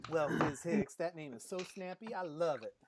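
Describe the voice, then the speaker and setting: A woman's voice: deep voice, lively intonation, normal speed, heavy background noise. A woman voicing a folksy, fussing townswoman who gushes over visitors.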